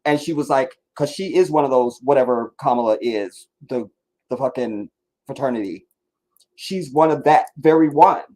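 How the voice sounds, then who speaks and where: A man's voice: mid-range voice, normal speed, dark tone. A man hosting a casual livestream, ranting and rambling with heavy profanity. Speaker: livestream host.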